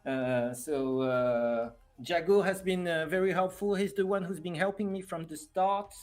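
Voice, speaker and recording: A man's voice: fairly high pitch, measured pace, darkish tone. A man with a French accent chatting casually on a live stream, hesitant and self-deprecating.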